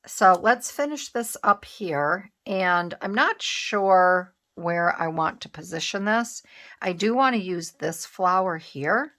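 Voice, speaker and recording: A woman's voice: fairly low pitch, expressive, takes it slowly, bright, forceful tone. Chatty middle-aged woman crafting on camera. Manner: chatty, rambling, with many fillers and restarts. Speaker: collage craft vlogger. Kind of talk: casual chat while crafting.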